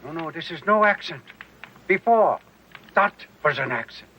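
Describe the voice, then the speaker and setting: A man's voice: on the high side, animated, normal speed, highs cut off, slight background noise. An actor playing a feeble older male professor with a hidden villainous past, fussy and evasive. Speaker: suspect professor.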